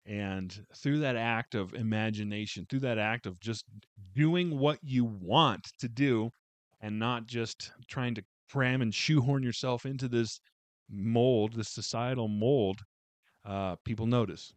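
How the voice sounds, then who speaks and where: A man's voice: mid-range voice, a little slow, no room sound. A man giving a casual, heartfelt book review, rambling with many fillers and restarts.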